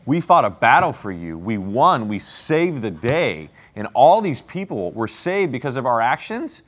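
Running a Bible study, this man talks through the passage in an easygoing way, frequently asking "okay?" and "right?" as he teaches and comments. His mid-range voice is sing-song and fairly bright, and he takes his time.

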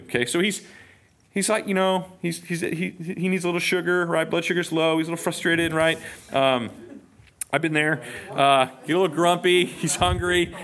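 A man leads a Bible study in a relaxed, chatty manner, slipping in jokes and frequent check-ins. His voice sits a little high for a man and swings up and down with lively energy. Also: normal speed. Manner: lively, jokey, checks in with "okay?". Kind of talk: casual teaching.

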